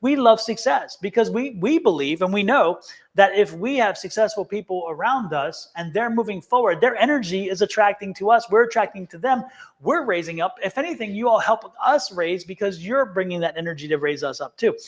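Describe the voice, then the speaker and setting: A man's voice: sits high, lively intonation, a little fast. A man co-hosting a live tarot stream, talking in an earnest, emphatic way and often repeating himself. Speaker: tarot reader, co-host. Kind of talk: casual live-stream chat.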